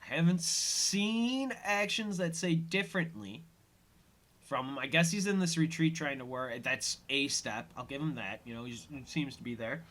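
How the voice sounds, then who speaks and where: A man's voice: on the high side, normal speed, a bit bright. A man hosting a casual commentary podcast, retelling an episode with lots of fillers and quoted lines. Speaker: podcast host.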